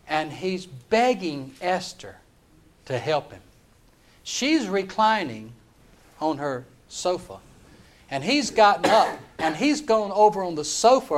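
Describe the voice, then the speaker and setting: A man preaching a sermon, retelling a story in an animated, dramatic way. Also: a little high.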